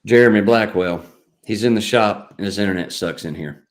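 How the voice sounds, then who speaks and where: Guy running a live stream, low voice, rambly and jokey, calls out viewers. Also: moderate pace. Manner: joking, rambling, reads viewer comments aloud. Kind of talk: casual live stream chat.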